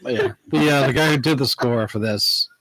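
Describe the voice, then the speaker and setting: A man's voice: medium pitch, moderate pace, noisy background. Guy cohost on a podcast, explains stuff plainly, dry little jokes. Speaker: podcast co-host. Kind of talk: casual chat.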